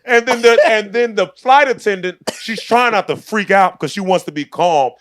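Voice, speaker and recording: Male comedian, 30s, podcast guest, animated storyteller who acts out the voices in his tale, slightly higher pitch. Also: moderate pace, no room sound, studio quality. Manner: acts out other people's voices, laughs through the story.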